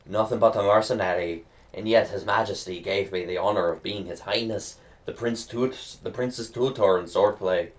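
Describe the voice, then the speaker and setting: Gruff older mercenary swordmaster put on by a man in a poor Scottish accent, low-voiced and hearty. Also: moderate pace, lightly acted. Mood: earnest. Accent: put-on Scottish, badly done. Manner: hearty, gruff, addressing a lad.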